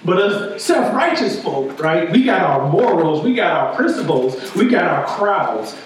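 A man with a high voice preaches a sermon in a casual, conversational way, tossing "right?" to the room again and again. His voice rings through a very echoey church hall, caught from a distance with a faint hum of room noise behind. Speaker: pastor.

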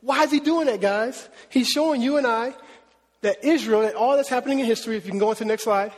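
A man's voice: extremely high pitch, quick pace, long reverb tail. A man preaching a sermon as a pastor, talking in a conversational way and often asking his listeners questions. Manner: conversational, asks the audience questions.

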